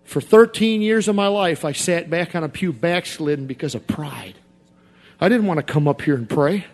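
Man, high voice, preacher, emphatic repetitive cadence, quiet then shouting. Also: expressive, normal speed. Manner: swings from quiet confession to shouted outbursts. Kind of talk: sermon.

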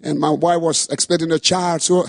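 A man preaching a sermon testimony with impassioned delivery that rises to shouts. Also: fairly high pitch, little pitch movement, moderate pace, gravelly, no room sound, clean studio sound. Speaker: pastor.

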